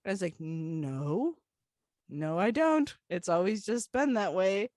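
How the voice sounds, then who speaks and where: A young woman co-hosting a podcast tells a story with lots of energy, acting out the dialogue and laughing often in a casual storytelling chat. Her medium-pitched voice is sing-song and a little mellow, at normal speed, recorded at studio quality with no room sound.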